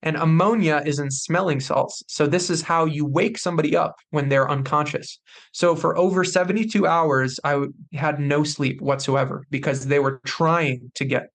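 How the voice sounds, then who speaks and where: A man's voice: fairly high pitch, moderate pace, vocal fry. A young man on a podcast, telling a personal story with intensity and acting out what others said. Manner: intense, animated retelling with acted quotes. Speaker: podcast guest.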